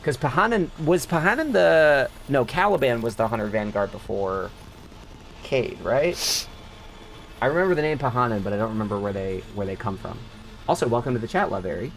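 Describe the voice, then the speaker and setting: Gravelly streamer man chatting casually. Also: mid-range voice, lively intonation, brisk, fairly bright tone, soft background music. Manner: chatty, swears casually, banters with friends and chat. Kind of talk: casual live-stream chat while gaming.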